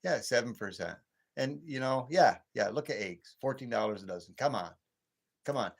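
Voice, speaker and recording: A man in his late fifties hosts a late-night livestream, his medium-pitched, expressive voice moving at a moderate pace. He rants and rambles, repeating himself and restarting often.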